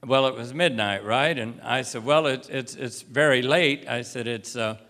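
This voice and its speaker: A man's voice: mid-range voice, normal speed, fairly bright tone. Storytelling male preacher in a reverberant hall. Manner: folksy storytelling, acting out quoted voices; frequent throat clearing. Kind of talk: unscripted sermon.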